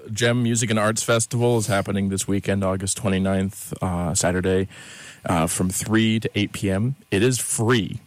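Man, low voice, radio guest, friendly, many fillers, dry mic. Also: fairly even intonation, moderate pace, no echo. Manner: friendly, informative, filler-heavy. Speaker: festival organizer guest. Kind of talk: casual radio interview.

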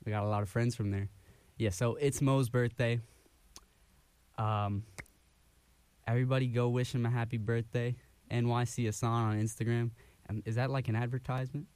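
A man's voice: medium pitch, moderate pace, pauses often, clear, resonant tone, no room sound. Breathless young man ranting on radio. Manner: rambling, self-deprecating, animated rants. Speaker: college radio host. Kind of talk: casual radio chat. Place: radio studio. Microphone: studio microphone.

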